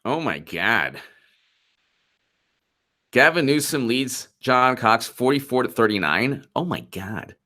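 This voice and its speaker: Slow, sing-song mocking male streamer. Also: mid-range voice, very animated, sharp tone. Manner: giggly and mocking, often laughing. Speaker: political commentary livestream host. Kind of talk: live commentary, reading chat.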